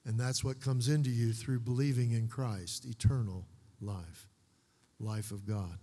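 A man of ordinary middle pitch preaches from the pulpit, folksy and good-humored. He slows right down to stress single words, then speeds into teasing asides. His voice rings out with a long reverb, as in a church sanctuary. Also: steady tone, warm tone. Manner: folksy, joking asides with slow emphatic repetition. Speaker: pastor. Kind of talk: sermon.

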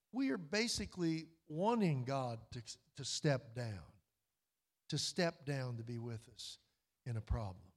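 A man preaching a sermon in a folksy, storytelling way, dropping to quiet, drawn-out emphasis. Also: medium pitch, in a large hall. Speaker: pastor.

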